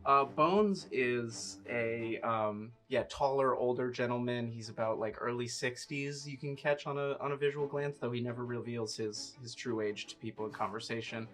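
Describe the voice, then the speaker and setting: A man playing a tabletop role-playing game, describing his character in a halting way with many fillers. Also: mid-range voice, a bit bright, faint music behind. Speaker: player.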